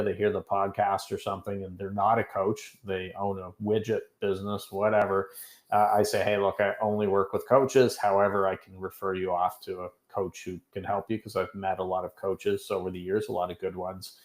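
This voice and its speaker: A man's voice: lowish voice, little pitch movement, fairly quick, echoey room. A middle-aged man from Canada, a guest in an interview, who tells stories in a chatty, self-joking way. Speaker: podcast guest, business coach. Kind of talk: casual interview talk.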